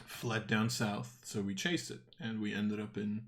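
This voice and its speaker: Slow, low-voiced man role-playing. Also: little pitch movement. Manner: hesitant, halting with many fillers. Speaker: player. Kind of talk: in-character tabletop role-play.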